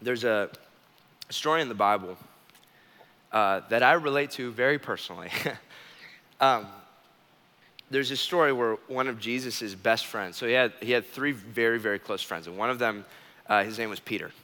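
A man's voice: medium pitch, normal speed, long pauses, sharp tone. A young man preaching a sermon as a pastor, telling stories earnestly and emphatically. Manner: earnest, emphatic storytelling with acted quotes. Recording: long hall reverb.

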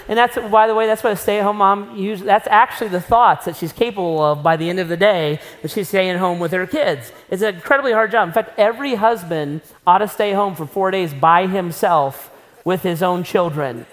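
A woman's voice: medium pitch, brisk. A woman preaching a sermon in a conversational way, often acting out little scenes. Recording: long reverb of a large hall.

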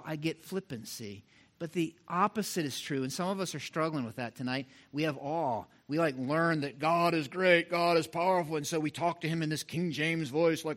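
A middle-aged man preaching a sermon as pastor, animated and talking straight to the congregation, acting out little voices to make his points. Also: fairly high pitch. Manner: animated, mimics voices for illustration, direct address to congregation.

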